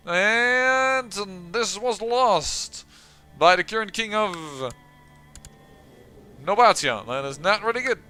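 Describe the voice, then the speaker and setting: A man with a bright, somewhat high voice talks through his game session. He thinks aloud and often trails off or restarts mid-sentence, with faint game music underneath. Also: expressive, measured pace, clean tone. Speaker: let's-play host. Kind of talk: game commentary.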